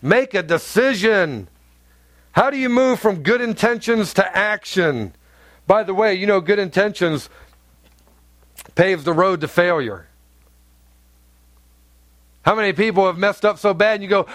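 A man's voice: high-pitched, a little slow, pauses often, fairly bright tone, dry recording. A male pastor preaching a sermon in a conversational, emphatic way, full of rhetorical questions.

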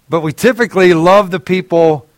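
A man, a pastor, giving a sermon in a casual, conversational storytelling way, often clearing his throat and laughing with the congregation. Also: high voice, no room sound.

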